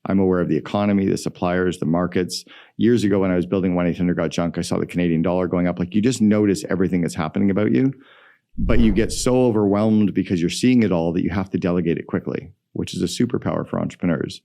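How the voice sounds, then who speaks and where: A middle-aged man, a guest entrepreneur, telling stories in an energetic, emphatic way in a podcast interview. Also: deep voice, fast talker, creaky.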